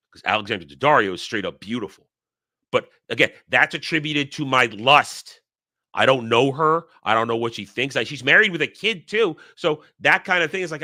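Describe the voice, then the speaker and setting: A man's voice: mid-range voice, bright, forceful tone. A man hosting his own commentary channel, ranting bluntly and crudely in casual talk, with many restarts and mocking quotes. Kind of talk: casual opinion rant.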